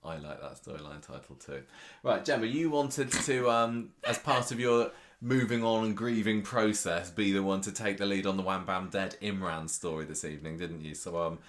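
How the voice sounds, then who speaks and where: Jokey low-voiced man podcast host. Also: normal speed, a little hiss or hum. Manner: jokey, playful, punning. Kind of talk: casual chat.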